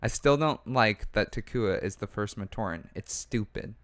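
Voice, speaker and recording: A man's voice: on the low side, moderate pace, fairly bright tone, dry recording. A man co-hosting a gaming livestream, casually chatting and reading viewer messages aloud, often trailing off.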